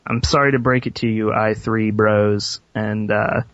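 Low-voiced, blunt young man chatting. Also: level tone, unhurried, fairly bright tone, no room sound. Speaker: podcast co-host. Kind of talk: casual chat. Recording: dull lo-fi sound.

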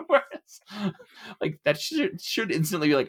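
A middle-aged man hosting a casual podcast discussion, animated and laughing often as he acts out quotes. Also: sits high, measured pace, breathy edge. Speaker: podcast host.

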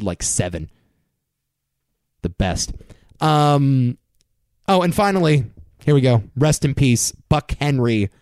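A man with a high voice rattles through entertainment news in a casual host's rundown, his pitch leaping up and down. He throws in wry, sarcastic asides. The sound is dry and close, with no room around it. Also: a little mellow, dry recording. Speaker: podcast host.

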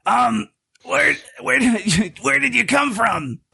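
A man's voice: very high voice, animated, slow, vocal fry, bright, forceful tone, breathy edge, pitched above the performer's own voice, exaggerated voice. A man voicing a weepy, flustered, oversized feathered lizard creature in a tabletop game. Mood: startled, tearful.

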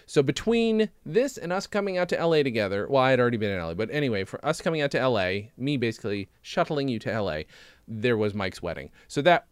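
A man talks in a loose, rambling way, often cutting himself off and swearing casually. His pitch rises and falls a lot, and his voice is smooth and clear. He is recorded close on a dry mic. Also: sing-song, fast, no room sound. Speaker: podcast co-host. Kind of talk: casual chat reviewing old videos.

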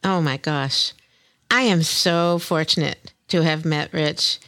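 An older woman hosting a podcast, bubbly and quick to laugh as she chats casually. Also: low-pitched, a bit bright. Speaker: podcast host.

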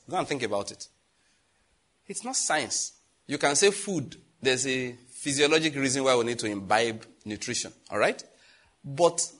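A man with a Nigerian accent preaching a sermon as pastor, in a lively, chatty style with asides to the congregation. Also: medium pitch, slightly rough. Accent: Nigerian English. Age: adult, married.

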